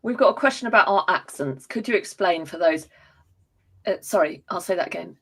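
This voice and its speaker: A woman's voice: on the low side, expressive, a little fast, a bit bright, husky, low-quality recording. Laughing woman with an Estuary accent. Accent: Estuary English. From Hertfordshire, England. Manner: chatty, laughs easily. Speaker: co-host. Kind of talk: casual chat.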